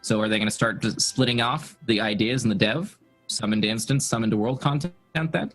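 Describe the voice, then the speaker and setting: Husky-voiced man rambling on a podcast. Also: medium pitch, brisk, fairly bright tone, soft background music, rough recording. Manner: rambling, repeats words while thinking. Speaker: podcast co-host. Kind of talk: casual gaming podcast chat.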